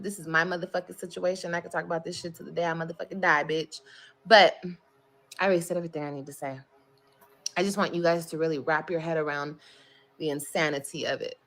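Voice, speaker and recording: A woman's voice: lowish voice, fast, fairly bright tone. Profane, blunt woman venting on a livestream. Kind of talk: casual livestream chat.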